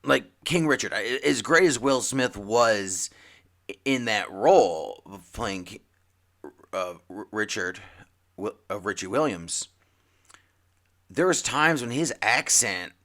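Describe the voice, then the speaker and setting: A man co-hosting a comics podcast, talking in a rambling, animated way with many restarts and little acted-out quotes. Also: fairly low pitch, takes it slowly, pauses often. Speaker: podcast co-host. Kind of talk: casual chat about comics and TV.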